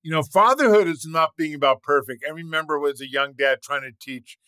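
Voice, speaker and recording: A man's voice: a little high, brisk, clean tone, dry recording. A man in his sixties, a guest author, talking about faith and fatherhood in an earnest, preaching way and telling stories with energy. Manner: animated storyteller, shouts and laughs in acted scenes. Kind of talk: storytelling conversation.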